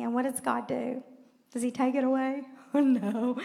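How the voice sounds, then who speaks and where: Preaching in a church sanctuary, a pastor's wife speaks with a high, gravelly, warm voice, unhurried and flat in delivery. She keeps it chatty, laughing in asides and posing questions to the congregation, all under long hall reverb.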